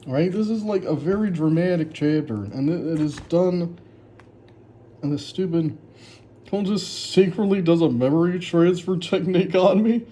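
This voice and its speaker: A man's voice: sits high, normal speed, dark tone, a little hiss or hum. A man in casual commentary, reacting sarcastically to his own old writing, mocking it and laughing often. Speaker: author reviewing his old story.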